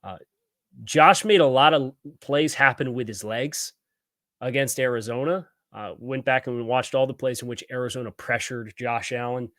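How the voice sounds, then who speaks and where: A man's voice: medium pitch, moderate pace, fairly bright tone, dry recording, studio quality. A man hosting a sports podcast, reading ads and then breaking down football tactics in a conversational way. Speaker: podcast host.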